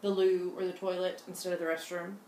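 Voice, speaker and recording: A middle-aged woman with a slightly low voice chats on a home knitting podcast, rambling and restarting her sentences. The sound is roomy, with a faint hiss behind her. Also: little pitch movement, fairly quick, warm tone. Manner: chatty, rambling with many fillers and restarts. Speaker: podcast co-host, mother. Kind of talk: casual chat. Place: home in Scotland. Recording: roomy echo, faint noise.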